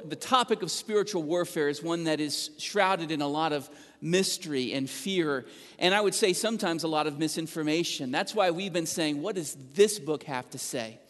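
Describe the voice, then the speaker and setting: Earnest pastor preaching in a reverberant church. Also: male voice, a little high, fairly bright tone. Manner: earnest preaching with filler words and restarts, reading scripture aloud. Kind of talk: sermon. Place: church sanctuary. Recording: long reverb of a church hall.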